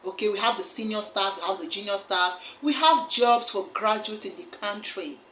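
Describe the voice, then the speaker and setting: A woman's voice: medium pitch, normal speed, fairly bright tone, echoey room, a little hiss or hum. A woman hosting a casual reaction video, chatty and often checking in with her viewers. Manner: chatty, keeps asking "okay?". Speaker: host.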